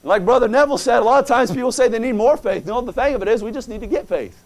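Fervent high-voiced preacher man. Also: expressive, rapid-fire. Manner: fervent, swings from soft asides to loud exclamations; acts out quoted voices in dialogue. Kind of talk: sermon with scripture reading.

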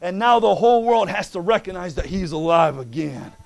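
A male preacher delivering a sermon, moving from quiet talk into fervent preaching. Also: high-pitched, animated, brisk, vocal fry.

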